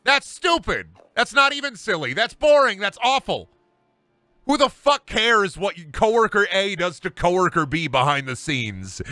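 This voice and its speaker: A man's voice: fairly high pitch, sharp tone, dry recording. A man streaming a game and ranting casually about wrestling, heated, emphatic and profane. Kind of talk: casual rant while gaming on stream.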